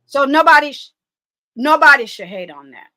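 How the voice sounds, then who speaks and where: A woman with a high, bright voice talks in a blunt, animated, profane way. Her sound is dry and close. She rambles with restarts as she chats. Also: normal speed, no echo. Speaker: guest commentator. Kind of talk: casual chat.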